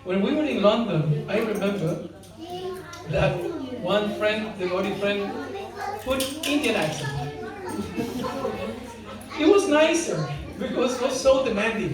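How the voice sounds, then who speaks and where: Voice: medium pitch, lively intonation, a little slow, a crowd in the background. A devotional speaker giving an informal spiritual talk, joking and quizzing the audience with frequent laughter. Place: large hall with audience. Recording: very echoey hall, mic far off, audience.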